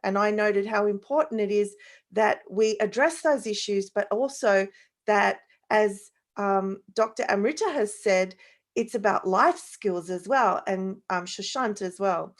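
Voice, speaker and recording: A woman's voice: medium pitch, measured pace. A woman with an Australian accent, speaking as a panelist in an online discussion, earnest and structured. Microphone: video call.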